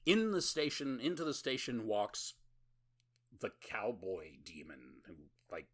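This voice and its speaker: Pitched on the low side, his voice swings hugely in pitch while keeping a measured pace. He's a male podcast co-host rambling through a horror movie recap with swearing and frequent laughter.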